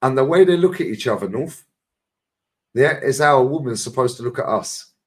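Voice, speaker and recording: A man's voice: mid-range voice, lively intonation, brisk, husky. Blunt, swearing London man. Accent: London English. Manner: blunt, swearing, storytelling with acted quotes. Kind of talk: casual chat.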